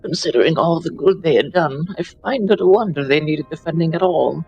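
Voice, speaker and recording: A man's voice: on the high side, brisk, gravelly, dull audio, pitched above the performer's own voice. A man voicing a noble male fantasy game hero, reading the lines earnestly. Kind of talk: reading game dialogue aloud. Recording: music behind.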